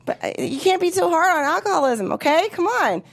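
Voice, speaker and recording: Woman in her thirties, high voice, brash and profane, stand-up comedy set, club stage. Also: sing-song, fairly quick, vocal fry. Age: 30s.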